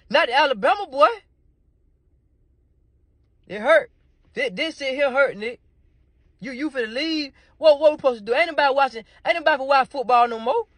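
High-voiced stammering man ranting. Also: a bit bright, no echo. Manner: stammering repeats, heavy cursing, pleading. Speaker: comedian doing a ranting phone call. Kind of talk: comic rant.

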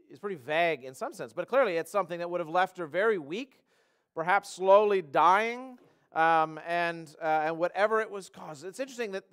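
A male pastor giving a church sermon, earnest, often restarting phrases and slowing down to stress a point. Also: high voice, a bit bright, clean tone. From Canada. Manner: earnest, repeats words and restarts phrases, slows for emphasis.

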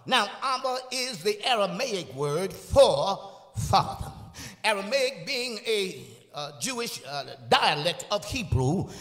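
High-voiced man preaching a slow, lively sermon. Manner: call-and-response preaching with frequent "uh" and "amen"; drawn-out emphatic phrases, rising to shouts. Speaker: evangelist preacher. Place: church sanctuary. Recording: live church recording with long hall reverb.

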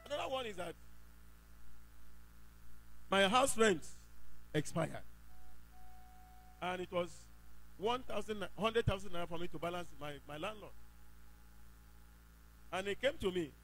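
Man, Nigerian accent, high bright voice, emphatic church testimony. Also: expressive, unhurried, pauses often, low-quality recording. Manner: emphatic storytelling, rising to exclaiming praise. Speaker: church member giving testimony.

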